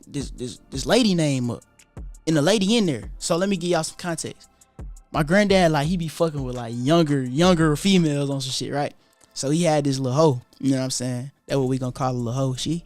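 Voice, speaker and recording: A young man from tells his story in a loose, voice, talking a little high for a guy. He rolls through street slang and swearing and jumps into the voices of the people he talks about. Soft music plays under him. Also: dry recording. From Atlanta, USA. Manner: animated, profane street slang, acts out quoted voices. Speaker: YouTuber telling his story. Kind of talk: casual storytelling monologue.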